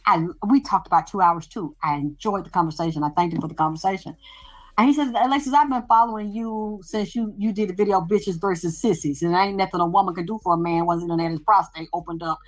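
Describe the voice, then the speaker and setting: A woman's voice: fairly low pitch, fast, rough recording. A middle-aged woman hosting a casual show, talking bluntly and profanely as she tells a story and acts out both sides of a conversation. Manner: blunt, profane, animated storytelling with quoted exchanges. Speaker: show host. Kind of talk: casual monologue.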